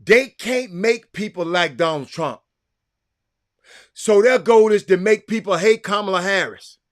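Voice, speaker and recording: A man's voice: high voice, unhurried, a bit bright. A man giving fired-up political commentary, preaching straight to his listeners.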